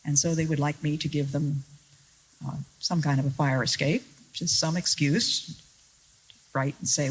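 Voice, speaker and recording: A woman preaching a sermon to an audience, earnest and deliberate, with wry rhetorical questions and stressed key words. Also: deep voice, steady tone, slight background noise, rough recording. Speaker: Christian speaker.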